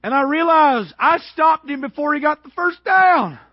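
A male preacher from Georgia telling a story in a sermon, animated and building to shouted peaks, on a worn microphone. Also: very high voice, moderate pace, no echo, dull audio.

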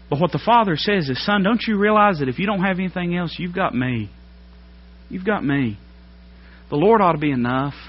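A man preaching a sermon, folksy and plain-spoken, climbing to loud emphatic peaks. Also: fairly high pitch. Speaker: pastor. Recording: dull lo-fi sermon recording.

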